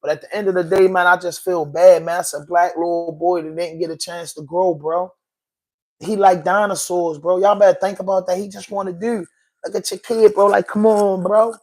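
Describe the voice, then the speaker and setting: A man's voice: high voice, little pitch movement, moderate pace, a little mellow. A man hosting a podcast, talking in an emotional, slangy way, repeating himself and saying bro a lot. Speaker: podcast host. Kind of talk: casual commentary monologue.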